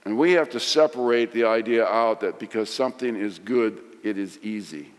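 A middle-aged man preaching a sermon, swinging from loud emphasis to hushed lines. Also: on the low side, normal speed. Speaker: pastor. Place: large church sanctuary. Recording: long hall reverb.

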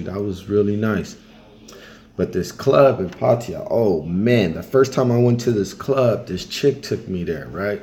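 Lowish-voiced man telling travel stories. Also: unhurried. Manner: animated, acts out others in high voices; colloquial, loose phrasing. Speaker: travel storyteller. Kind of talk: casual storytelling.

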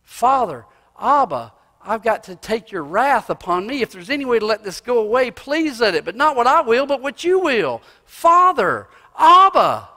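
A man's voice: very high voice, very animated, normal speed, sharp tone, voice pushed up, exaggerated voice. A man voicing an anguished man who cries out desperately in prayer to his father. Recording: long reverb of a church hall.

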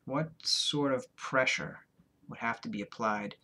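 Man reading his fiction, deadpan. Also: mid-range voice, a little slow. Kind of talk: first-person literary reading.

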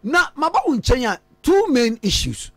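A man with a Ghanaian accent hosting a radio talk show, switching lively between local language and English. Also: very high-pitched, normal speed, no echo. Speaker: radio host.

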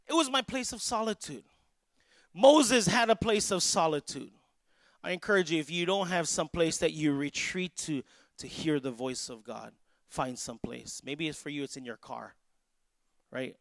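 A man's voice: a little high, normal speed, vocal fry, dry recording. A man preaching a sermon as pastor, telling stories with quoted dialogue and building to emphatic peaks.

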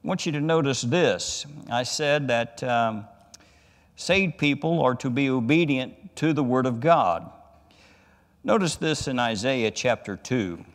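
A man, a pastor, teaching a Bible study sermon, reading scripture deliberately and rising in emphasis on key words. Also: medium pitch, long reverb tail. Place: church sanctuary.

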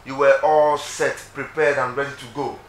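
A man's voice: medium pitch, level tone, moderate pace. A man giving an affectionate, earnest tribute to a departed friend on a reality show. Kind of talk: heartfelt video tribute. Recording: echoey room with faint noise.

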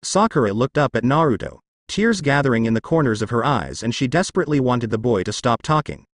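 A young man narrates fan fiction aloud, his pitch rising and falling with lively storytelling. The sound is dry and close, with no room around it. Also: fairly quick, few pauses, dry recording.

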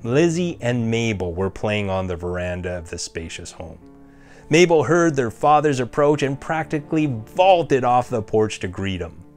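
A man narrating a scripted ghost story in a measured way and voicing the characters himself. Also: mid-range voice, sing-song, darkish tone, soft background music.

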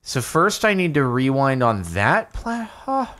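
Excitable young man narrating gameplay. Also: medium pitch, a little slow. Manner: excitable, talks to himself and the game, voice jumps up when frustrated. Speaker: gaming YouTuber. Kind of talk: live Minecraft gameplay commentary.

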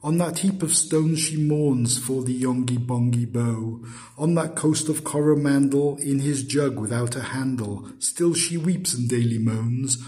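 A man giving a poetry recital in a rhythmic, measured reading voice. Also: mid-range voice, dark tone. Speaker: poetry reader.

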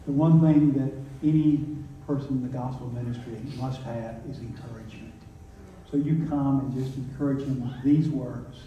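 A man's voice: mid-range voice, moderate pace, mellow, a little hiss or hum. A man with a Southern accent, a pastor speaking plainly and encouragingly to his church. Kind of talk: sermon and church announcements. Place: church sanctuary. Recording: echoey church, distant mic.

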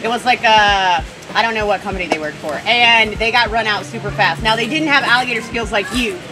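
A woman working as an alligator park keeper, chatting casually and warmly outdoors, quick to laugh. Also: mid-range voice. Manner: chatty, friendly, laughs easily. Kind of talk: casual chat.

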